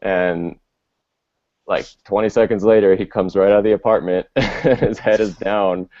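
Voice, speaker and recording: Deep-voiced young man, rambling story. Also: fairly even intonation, moderate pace, darkish tone. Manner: rambling, lots of filler words and swearing. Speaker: co-host telling a story. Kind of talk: casual storytelling chat. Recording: dull lo-fi audio.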